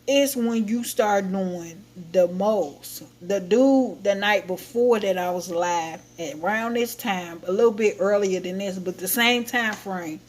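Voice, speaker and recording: A woman hosting her own livestream, chatting casually and telling a rambling, animated story to her viewers. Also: mid-range voice, unhurried, few pauses, slight background noise. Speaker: livestream host.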